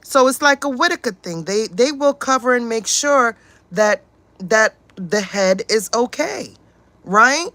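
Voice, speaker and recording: A woman's voice: on the high side, expressive, measured pace, bright, forceful tone, no room sound. A woman hosting a casual livestream, reading chat comments aloud and giving outspoken, exasperated commentary with frequent swearing.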